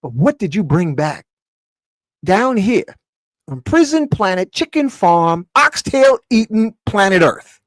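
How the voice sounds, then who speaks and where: A man hosts a video-call livestream, slangy and loose, shouting out names from the chat. His voice sits a little high for a man. The sound is close and dry. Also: very animated, slow pace, dry recording. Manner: loose slangy banter, shout-outs to viewers. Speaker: livestream host.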